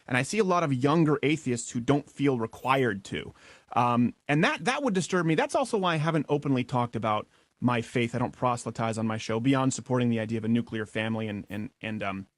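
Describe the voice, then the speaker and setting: A man talking as a guest in a casual interview, animated and blunt, acting out quotes as he goes. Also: mid-range voice, dry recording.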